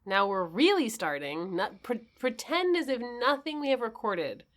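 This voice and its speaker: A woman's voice: on the high side, big pitch swings, normal speed, a bit bright. A young woman co-hosting a casual podcast chat, dry and teasing, a bit bossy with her partner. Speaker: podcast co-host.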